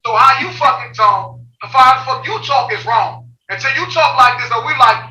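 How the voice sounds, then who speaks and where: A woman's voice: sits high, lively intonation, normal speed, hardly any pauses, sharp tone, echoey room, recorded from a distance, rough recording. A woman co-hosting a casual podcast discussion, talking emphatically and bluntly and swearing freely. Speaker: podcast co-host.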